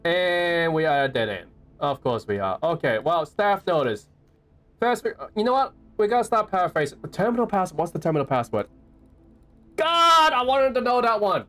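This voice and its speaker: A young man with an Australian accent, talking over a live gameplay stream in a high, bouncy voice that swings up and down. He banters with his viewers and reads the game's notes out loud. Faint music plays behind him. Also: very animated, a little fast. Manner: chatty, playful, reading game notes aloud and chatting to viewers.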